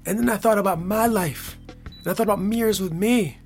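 A man from Michigan with a Michigan accent, hosting a podcast in a playful casual monologue, laughing often and dropping from loud hype to near whispers. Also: high-pitched, a little fast, soft background music. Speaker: podcast host.

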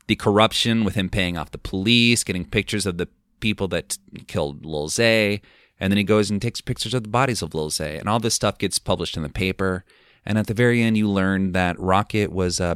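A man's voice: low-pitched, a bit bright, clear, resonant tone, dry recording, studio quality. A man hosting a film podcast, recounting a movie plot in a rambling, casual way full of fillers. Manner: rambling, filler-heavy retelling. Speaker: podcast host.

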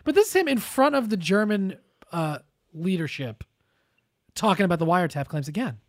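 Male podcast co-host, mildly high voice, sarcastic and casual, dry close sound. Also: big pitch swings, moderate pace, dry recording. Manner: sarcastic, loose, swears. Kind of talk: casual political chat.

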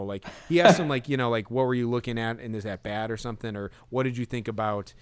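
A man co-hosting a podcast, chatting casually with lots of fillers and animated retelling. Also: mid-range voice, quick pace, hardly any pauses, clean tone, no echo. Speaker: podcast co-host. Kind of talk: casual chat.

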